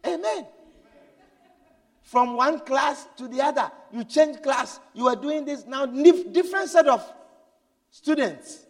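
A male preacher with a very high voice delivers an impassioned sermon. He moves from loud, urgent pleading down to low, hushed storytelling. His voice rings with a long reverb, as in a large hall. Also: lively intonation, slow pace, long pauses.

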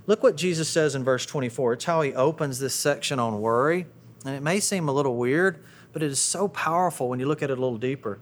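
A man's voice: on the high side, quick pace. A middle-aged man preaching a sermon in a conversational way, often repeating words as he restarts. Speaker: pastor.

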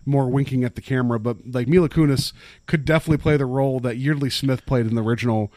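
A man's voice: mid-range voice, steady tone, fast talker, dark tone, no room sound. A man co-hosting a podcast, chatting casually about movies in a rambling way full of fillers. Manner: rambling, many fillers and restarts. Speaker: podcast co-host.

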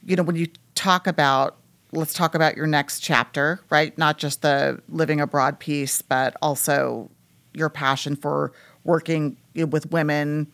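A woman in her fifties hosts a relaxed conversation with a notably low voice. She talks in loose, chatty phrases, agreeing often and drifting through "like" and "you know.". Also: measured pace. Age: 50s. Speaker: podcast host. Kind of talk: casual interview chat.

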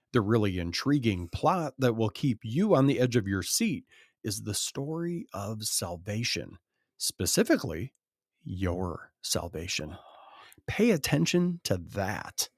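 A man's voice: medium pitch, breathy edge, dry recording, clean studio sound. A man hosting a podcast, reading Bible passages aloud with emphatic commentary and the odd laugh. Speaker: podcast host reading scripture.

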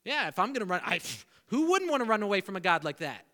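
A man preaching a sermon, animated, putting questions to his listeners. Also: sits high, fast. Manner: animated, asks the audience questions. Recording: long hall reverb.

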